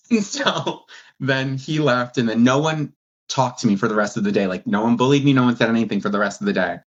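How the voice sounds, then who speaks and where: A man in his thirties from New Jersey, telling stories casually as a podcast guest, laughing often and acting out quotes in a higher voice. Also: fast. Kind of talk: casual storytelling. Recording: dull lo-fi sound.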